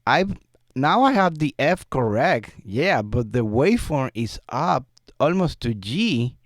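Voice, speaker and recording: A man teaching a music software tutorial, explaining step by step in a relaxed way and laughing often. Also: mid-range voice, dry recording, clean studio sound. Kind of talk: screen-recorded software tutorial. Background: vocal track playback.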